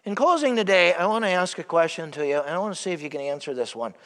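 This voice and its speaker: High-voiced priest preaching in a church. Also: male voice, animated, fast talker, a bit bright. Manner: emphatic, asks the congregation rhetorical questions. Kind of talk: sermon. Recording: long church reverb.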